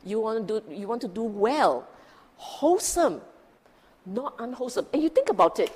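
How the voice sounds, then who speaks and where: A woman's voice: on the high side, sing-song, moderate pace, a little mellow, slightly rough. A woman teaching Buddhist scripture in a dharma talk, emphatic and asking her listeners rhetorical questions. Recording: long hall reverb.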